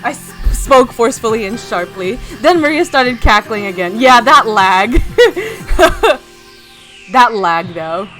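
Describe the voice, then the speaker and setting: A woman's voice: fairly high pitch, animated, measured pace, bright, forceful tone, faint music behind. A woman streamer reading a visual novel aloud, giggling, correcting herself, and chatting to viewers between passages.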